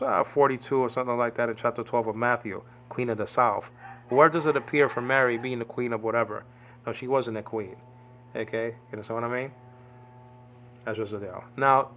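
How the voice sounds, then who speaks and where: Guy teaching greek letters, rambly, keeps saying okay, low voice, faint hum. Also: fairly even intonation, moderate pace, fairly bright tone. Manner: rambling, repeats "okay?" and "you understand what I mean?". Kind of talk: informal Bible Greek lesson.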